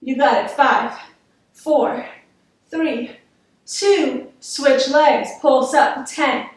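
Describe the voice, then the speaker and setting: Yoga lady talking people through poses, slow encouraging voice, kinda high, sounds far away in a roomy echo. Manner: encouraging, counts down reps. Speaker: yoga instructor. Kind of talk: guided workout instruction. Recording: echoey room, voice from off-mic.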